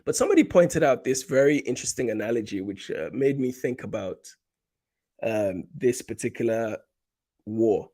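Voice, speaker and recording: A man from Nigeria hosting a casual political commentary livestream, animated and repeating points for emphasis, with many fillers and restarts. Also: medium pitch, normal speed.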